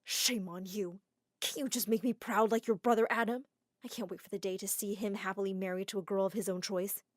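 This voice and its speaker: A woman voicing a stern middle-aged mother who scolds dramatically, in an animated story. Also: medium pitch, a little fast, dry recording, clean studio sound, lightly acted. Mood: scornful.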